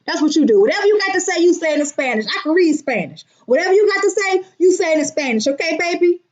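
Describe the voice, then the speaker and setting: Brash high-voiced woman hosting a livestream. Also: fast talker, dull audio. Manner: loud, profane, animated, greets viewers by name. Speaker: livestream host. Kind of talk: casual livestream chat. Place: at home.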